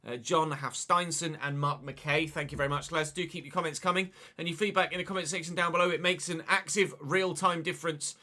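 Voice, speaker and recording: Bright-voiced young man streaming a game. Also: fairly high pitch, fairly even intonation, fairly quick, few pauses. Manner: chatty, thanks viewers by name between plays. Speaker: gaming streamer. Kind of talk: live-stream game commentary.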